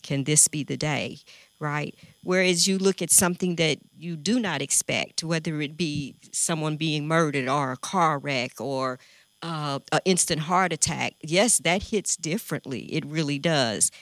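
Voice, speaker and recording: A woman who works in hospice care, answering a panel question in a calm, measured, explanatory way. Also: low-pitched, no room sound. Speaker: hospice grief worker.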